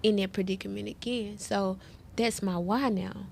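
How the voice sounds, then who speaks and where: A woman's voice: mid-range voice, steady tone, normal speed, creaky, a little hiss or hum. A woman sharing her personal story as a guest in an interview, earnest and heartfelt, often turning to speak straight to the listeners.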